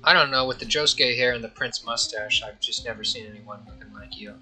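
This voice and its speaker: A man's voice: mid-range voice, brisk, sharp tone, faint music behind, rough recording. A man giving casual, jokey commentary on a video game, laughing often and reading the characters' lines aloud in playful voices. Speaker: let's player.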